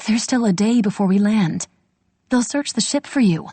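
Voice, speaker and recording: A woman's voice: mid-range voice, normal speed, dark tone, no room sound, pitched above the performer's own voice, natural voice. A woman voicing Tess, an anxious young woman pleading urgently with her sister.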